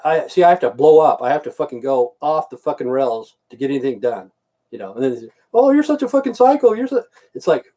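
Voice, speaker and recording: A man's voice: medium pitch, warm tone. A middle-aged American man ranting angrily into the camera, swearing and repeating himself. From United States. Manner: profane, repetitive, heated. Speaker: vlogger. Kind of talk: angry ranting monologue.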